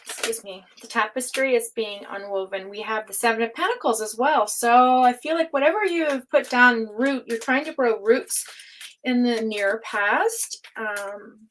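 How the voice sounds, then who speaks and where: Woman, tarot live-streamer, fairly high voice, chatty and spiritual, faint hiss behind. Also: measured pace, fairly bright tone, rough recording. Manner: chatty, reads out chat names and laughs often; spiritual, speaks of energy and higher self. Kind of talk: casual live-stream chat and tarot reading.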